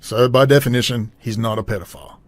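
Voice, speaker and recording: A man's voice: medium pitch, fairly even intonation, fast. A man hosting a solo podcast, rambling and blunt, swearing freely and trailing off mid-thought. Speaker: podcast host. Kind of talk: casual solo commentary.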